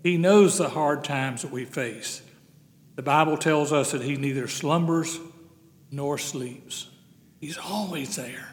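A man preaching a sermon as pastor, earnest, slowing down to stress key phrases. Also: on the high side. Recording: long hall reverb.

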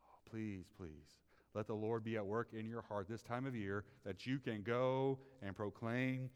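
A man pastor delivering a sermon, moving between quiet confiding talk and loud, rising preaching. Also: lowish voice, fairly even intonation, a little slow, smooth. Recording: reverberant hall.

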